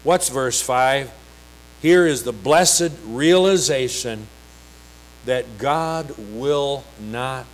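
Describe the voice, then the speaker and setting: A man preaching a sermon, reading scripture slowly and emphatically, with rising, pleading passages. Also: medium pitch, rough recording.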